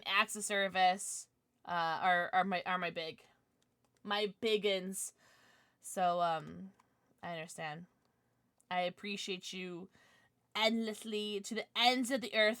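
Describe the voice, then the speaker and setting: A woman livestreamer chatting casually with her viewers, playful and jokey, thanking them warmly and cooing in baby talk to her dogs. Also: mid-range voice, steady tone, takes it slowly, long pauses, smooth, no echo, clean studio sound. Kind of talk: casual chat with stream viewers.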